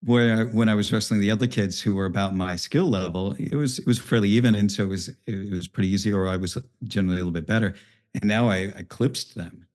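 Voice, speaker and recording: A man's voice: lowish voice, fast, darkish tone. A man hosting a podcast, telling a story casually and loosely. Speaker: podcast host. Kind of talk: conversational interview.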